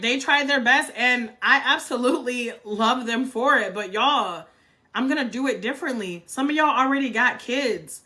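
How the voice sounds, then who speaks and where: A woman's voice: on the high side, sharp tone. A woman, giving a blunt, fired-up motivational livestream talk and swearing freely. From North Carolina, US. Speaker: livestream host.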